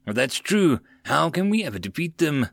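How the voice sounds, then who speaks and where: A man's voice: on the high side, sing-song, moderate pace, vocal fry, dry recording, studio quality, voice pushed up, heavily acted. A man voicing a blustering imperial general who roars and barks orders. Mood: demanding. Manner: roaring, shouting orders.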